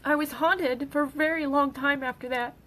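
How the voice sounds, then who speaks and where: A middle-aged woman, tearful, speaking haltingly on an emotional personal livestream as a grieving mother. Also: high-pitched, fairly even intonation, fairly bright tone, low-quality recording. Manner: halting, with pauses and restarts. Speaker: grieving mother sharing her daughter's story.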